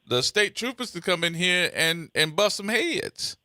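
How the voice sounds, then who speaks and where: A man hosting talk radio, colloquial and excitable in his commentary. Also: high voice, unhurried, no room sound, clean studio sound. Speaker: radio talk show host. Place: radio studio.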